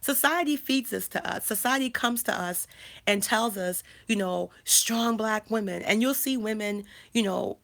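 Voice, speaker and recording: A woman in her thirties, a life coach and channel host, runs a casual livestream in a gravelly, slightly bright mid-range voice at normal speed. She talks emphatically, repeating phrases and frequently restarting.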